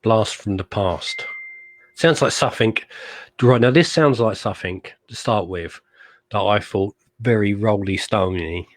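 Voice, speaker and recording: A man co-hosting a live stream in a casual chat, talking in quick bursts with jokey asides. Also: on the low side. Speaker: co-host.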